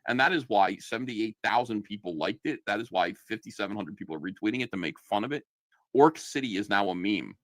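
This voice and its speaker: A man talks fast in a scornful, insulting rant, hitting his points hard. His low voice swings widely in pitch. The sound is dry and close. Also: expressive, no room sound. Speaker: online commentator. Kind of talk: heated commentary clip.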